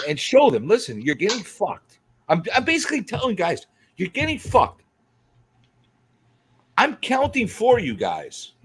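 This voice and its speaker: A man's voice: sits high, breathy edge. A man hosting a livestream who rants in a heated, profane way and keeps repeating himself while he builds his point. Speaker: livestream host.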